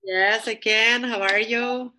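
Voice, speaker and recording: Brazilian woman guest, frank and lively. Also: a little high, slow, slight background noise. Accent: Brazilian Portuguese. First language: Portuguese. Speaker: podcast guest. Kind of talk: casual interview chat.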